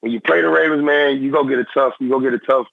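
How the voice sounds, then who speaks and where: A young man, a former football player, talking in a phone-in interview in halting, repetitive phrases. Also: mid-range voice, steady tone, gravelly, dry recording. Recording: tinny phone line.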